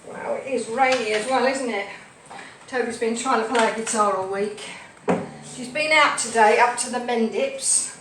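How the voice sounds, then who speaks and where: A rambling, cheerful woman hosts a home cooking stream and chats to her viewers and pets as she works. Her voice sits a little high. She is a step back from the mic in an echoey kitchen, with a faint hum behind her. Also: moderate pace, fairly bright tone, distant mic. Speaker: host of a live cooking stream. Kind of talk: chatty live cooking stream.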